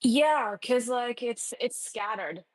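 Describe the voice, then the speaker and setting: A woman's voice: a little high, expressive, slow pace, no room sound, low-quality recording. A woman hosting a casual online community call, chatty and full of filler words. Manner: chatty, lots of "like" and "um". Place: home over an online audio room.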